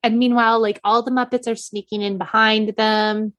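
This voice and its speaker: A woman's voice: on the high side, level tone, normal speed, fairly bright tone. A young woman co-hosting a casual podcast, gushing about favorite scenes and quoting lines. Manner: enthusiastic, gushing, quotes scenes. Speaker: podcast co-host. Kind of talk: casual chat.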